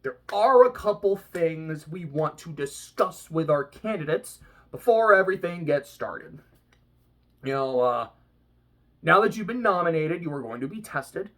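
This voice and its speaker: A vlogger voicing a smooth, calm adult male gang leader who sounds reasonable and quietly menacing. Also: medium pitch, measured pace. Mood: calm menace.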